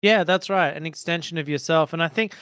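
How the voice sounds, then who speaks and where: A man's voice: a little high, brisk, fairly bright tone, clean tone, no echo, studio quality. A man co-hosting a tech podcast, making thoughtful points at length. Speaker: podcast co-host. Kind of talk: casual tech podcast chat.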